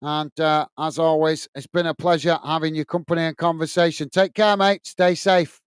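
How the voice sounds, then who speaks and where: A man's voice: fairly high pitch, fairly even intonation, normal speed, clear, resonant tone, dry recording. Friendly man hosting a stream. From England. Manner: friendly, repetitive sign-offs with many "uh" fillers. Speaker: watch-along stream host. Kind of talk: casual live-stream chat, reading out viewer comments.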